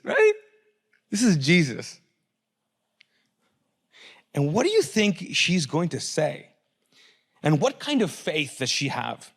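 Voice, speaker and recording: A middle-aged man preaching a sermon with a high voice that swoops up and down all the time. He puts on the voices of the people in the story and keeps asking his listeners to answer. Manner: animated, acts out quoted voices, asks the congregation questions. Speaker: pastor.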